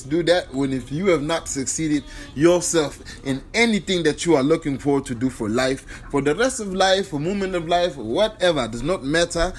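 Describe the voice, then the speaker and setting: A man giving an emphatic, repetitive motivational monologue at home. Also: fairly high pitch. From Africa. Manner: preachy, emphatic, repetitive declarations. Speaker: motivational speaker.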